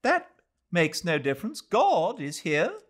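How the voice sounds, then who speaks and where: A man voicing an elderly Englishwoman who is gentle, polite and quietly insistent, in a high breathy voice. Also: huge pitch swings, takes it slowly, full character voice. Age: older. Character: elderly Englishwoman, gentle, startled yet firm.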